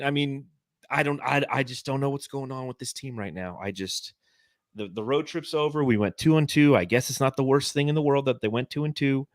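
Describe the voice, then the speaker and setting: A man's voice: medium pitch, a little fast, no room sound, clean studio sound. Exasperated male podcast host. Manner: exasperated, ranting. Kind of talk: casual sports podcast banter.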